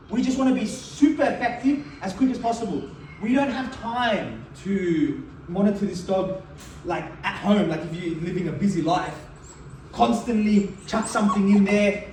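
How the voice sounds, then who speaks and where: Recorded on a distant mic in a roomy space with faint ambience and slight background noise, this man has a high voice with a darkish tone. He demonstrates crate training bluntly and directly, frequently stopping to speak to the dog.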